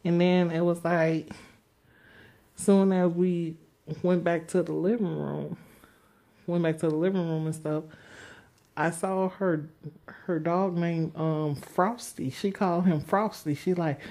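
Slow, low-voiced woman telling stories. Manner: laughs through her stories, slangy and animated when quoting. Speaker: podcast co-host. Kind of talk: casual comedic storytelling.

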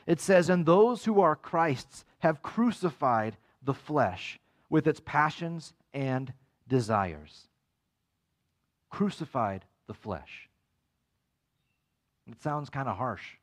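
A man preaching a sermon as pastor, animated and acting out quoted voices with big swings in pitch.

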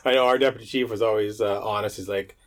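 A man who works as a firefighter and medic, chatting casually on a podcast, laid-back and quick to laugh. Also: fairly low pitch, steady tone. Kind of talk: casual chat.

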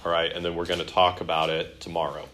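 A man's voice: deep voice, completely flat delivery, fast talker, fairly bright tone. A man teaching a Bible class in a classroom, chatty and jokey, with many fillers and restarts. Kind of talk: classroom teaching with joking asides.

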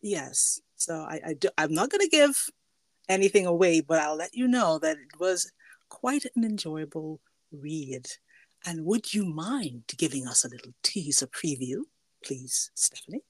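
A woman's voice: sits low, expressive, unhurried, dry recording. A woman hosting a podcast in casual interview chat, chatty and laughing often, restarting her sentences as she goes. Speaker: podcast host.

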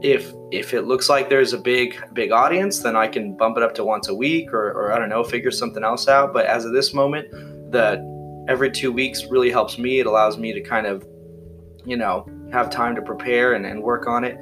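A young man hosting a casual podcast, relaxed and easygoing, asking friendly questions and laughing easily. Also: medium pitch, a little fast, faint music behind. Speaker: podcast host.

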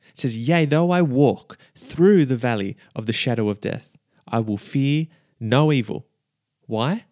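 Male preacher, mid pitch, fervent sermon delivery with emphatic repetition; dry, close recording. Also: no room sound. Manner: fervent, building to excited emphasis.

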